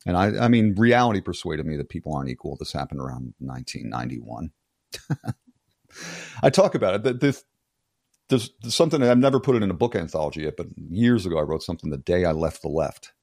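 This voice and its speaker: Low-voiced, blunt, profane older man. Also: sing-song, fairly quick, darkish tone, no room sound, clean studio sound. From United States. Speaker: guest. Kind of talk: casual conversational interview.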